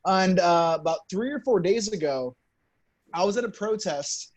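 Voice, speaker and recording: Lively young man doing stand-up. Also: high voice, normal speed. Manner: lively, loud, laughing at own jokes. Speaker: stand-up comedian. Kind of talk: stand-up routine.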